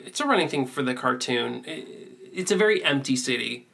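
A man's voice: medium pitch, animated, brisk, vocal fry, bright, forceful tone. A man co-hosting a podcast in casual chat, joking and slipping into put-on accents. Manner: jokey, bursts into put-on accents. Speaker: podcast co-host.

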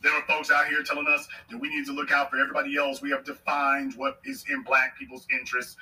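A man's voice: fairly high pitch, quick pace, gravelly, bright, forceful tone, distant mic, slight background noise, rough recording. A man hosting a podcast, giving a political commentary monologue emphatically and repeating his points for effect. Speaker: podcast host.

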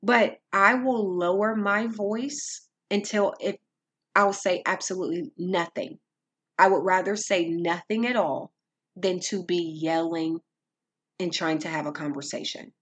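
Calm, earnest woman teaching, soft breathy voice. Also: on the low side, a little slow. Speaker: Christian speaker. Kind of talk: faith-based advice talk.

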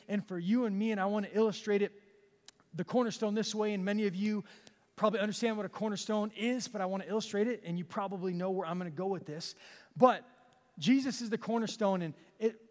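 High-voiced pastor preaching in a reverberant hall. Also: male voice, darkish tone. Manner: self-deprecating, with dramatic pauses and emphatic repetition. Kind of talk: sermon. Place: church sanctuary with long reverb.

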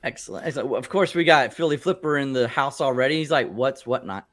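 A man's voice: medium pitch, fast, fairly bright tone. A man hosting a casual livestream chat, reading out viewer comments. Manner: chatty, reads out viewer comments. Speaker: host.

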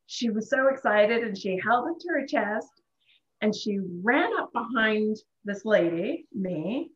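A woman speaks slowly and earnestly, reflecting on a personal story as a guest. The recording has a slightly dull, lo-fi sound. Her pitch sits in an ordinary middle range. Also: expressive.

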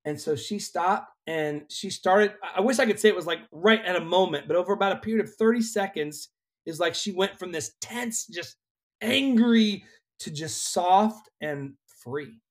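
A young adult man with a slightly higher-than-usual voice tells an earnest, animated story as a worship leader. He speaks conversationally, building each moment with sincere conviction. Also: a little fast.

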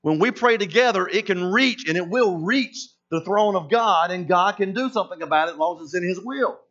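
High-voiced pastor preaching, lo-fi sound. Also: male voice, a little fast. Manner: animated, acts out voices of Moses and God. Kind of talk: sermon. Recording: dull lo-fi sound.

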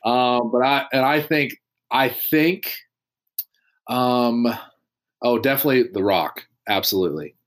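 A man talks as a guest on a podcast, easygoing and chatty. He leans on fillers and trails off mid-thought, laughing along. His pitch is ordinary and middle. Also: unhurried. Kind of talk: casual chat.

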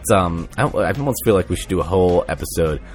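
A man's voice: low-pitched, fast, soft background music. A man co-hosting a podcast, chatting casually in a laid-back, rambling way with lots of fillers. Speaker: podcast co-host. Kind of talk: casual chat.

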